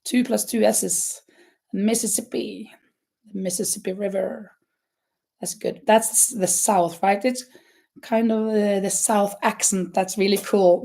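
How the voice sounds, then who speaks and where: Slow, chatty woman crochet streamer. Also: medium pitch, steady tone, gravelly, warm tone. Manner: slow, chatty, many fillers and restarts; laughs often. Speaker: crochet livestream host. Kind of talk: casual livestream chat with viewers.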